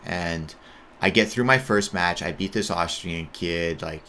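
An American judo athlete in his thirties talks through his own story in a loose, candid ramble, leaning on "like" and "right?". His voice sits low, with a bright, forceful, edgy tone. It sounds like an unscripted monologue. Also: a little slow, slight background noise.

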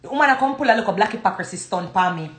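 A woman's voice: medium pitch, expressive, very fast, roomy sound, slight background noise. A Jamaican woman hosting a casual livestream chat, talking freely and slipping into patois. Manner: chatty, slips into patois. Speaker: livestream host.

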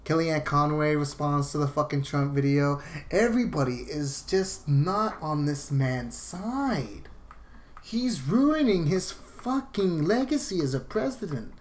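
A vlogger in the middle of a rant, swearing freely and sounding fed up. The delivery lurches from loud outbursts to quiet muttering, with heavy sighs in between. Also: mid-range voice, expressive, a little slow. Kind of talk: ranting vlog.

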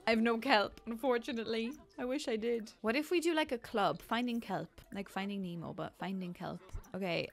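A woman's voice: mid-range voice, fairly bright tone. A woman chatting casually through a life-sim Let's Play, talking to the characters on screen and laughing often. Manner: chatty, giggly, talks to game characters. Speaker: gaming YouTuber.

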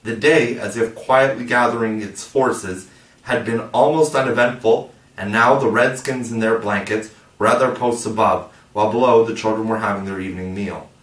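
A man reading a storybook aloud in a measured, expressive way. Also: lowish voice. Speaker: audiobook narrator. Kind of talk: storybook narration. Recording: roomy, distant mic.

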